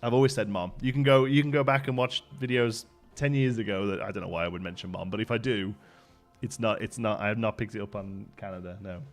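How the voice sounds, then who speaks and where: A man's voice: fairly low pitch, fast talker. A man in his thirties from Birmingham with a Brummie accent, chatting casually as a game streamer, rambling with lots of restarts. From Birmingham, England. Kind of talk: casual live-stream chat. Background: faint background music.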